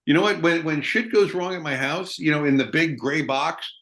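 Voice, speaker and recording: A man's voice: a little high, moderate pace, fairly bright tone. A middle-aged American man, an army veteran guest in an interview, talking in a blunt, emphatic way and swearing freely. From United States. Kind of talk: casual interview talk.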